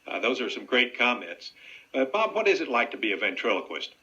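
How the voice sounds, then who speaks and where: A man's voice: medium pitch, big pitch swings, brisk, pushed and bright. A man who hosts a radio interview, asking plain and direct questions. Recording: dull lo-fi radio audio.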